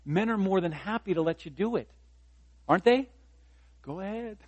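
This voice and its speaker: This fifties-aged pastor preaches conversationally, getting louder for emphasis and cracking jokes at his own expense. He talks fast in a high-pitched, lively, slightly rough yet somewhat mellow voice. The recording is rough, with no sense of room.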